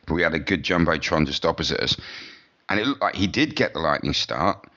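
A man's voice: very deep voice, animated, fairly quick, bright, forceful tone, dull audio. A man co-hosting a podcast who talks about motorbike racing in a rambling, chatty way, often restarting his sentences. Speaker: podcast co-host. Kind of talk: casual motorsport chat.

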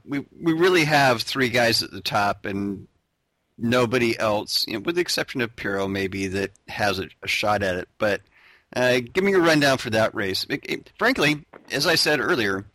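A man's voice: mid-range voice, animated, normal speed, pushed and bright, no echo. A man hosting a racing podcast, talking casually and rambling with many fillers. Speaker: podcast host. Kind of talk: casual chat.

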